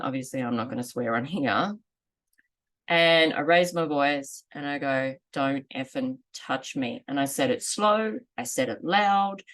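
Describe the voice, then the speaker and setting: A woman in her forties telling a personal story in a candid, earnest, measured way. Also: deep voice, fairly bright tone. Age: 40s. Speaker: vlogger sharing lived experience.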